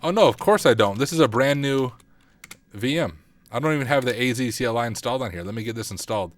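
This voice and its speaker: Talking fast with lively intonation in a medium-pitched voice, a man streams a laid-back hacking walkthrough. He reasons out loud, pokes fun at himself, and mumbles while typing.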